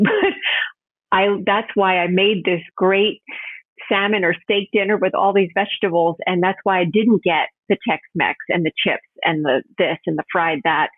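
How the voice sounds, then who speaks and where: A woman from New York, a health coach guest chatting in a podcast interview, animated and laughing often, jumping high in pitch when quoting people. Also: no echo. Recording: tinny phone-line sound.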